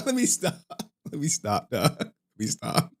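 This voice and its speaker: Tired young dude on a late stream, rambly, swears a ton, keeps laughing, voice goes up and down a lot. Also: male voice, extremely high pitch, breathy edge. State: tired from lack of sleep. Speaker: streamer host. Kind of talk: casual late-night livestream chat.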